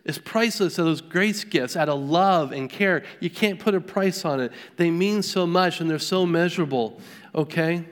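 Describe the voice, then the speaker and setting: A man's voice: a little high, moderate pace, smooth. Middle-aged male pastor telling stories in a sermon. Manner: conversational storytelling, frequent restarts and rhetorical questions.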